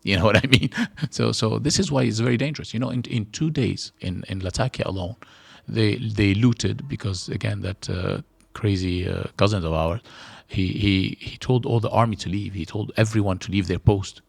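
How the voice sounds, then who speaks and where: Low gravelly-voiced man in a studio interview. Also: no echo. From Syria. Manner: halting, many restarts and fillers. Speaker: interview guest.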